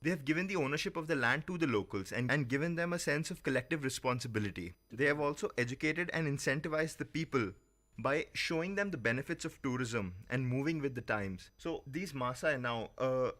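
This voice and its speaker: Man explaining calmly as radio guest. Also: mid-range voice, fairly quick. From India. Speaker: studio guest.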